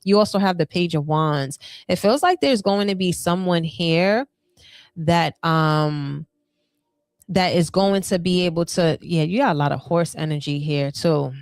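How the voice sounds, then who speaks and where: Lowish chatty woman reading tarot. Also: unhurried, no room sound. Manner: chatty, hesitant with many fillers, bursts of excitement. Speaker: tarot reader. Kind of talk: casual tarot reading to viewers.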